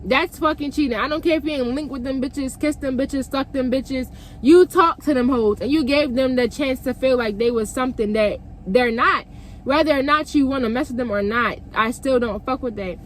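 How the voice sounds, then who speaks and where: A woman's voice: high-pitched, normal speed, a little hiss or hum. A young woman telling a personal story to her viewers, profane and emphatic, talking straight to the camera audience. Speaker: vlogger. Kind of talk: storytime vlog.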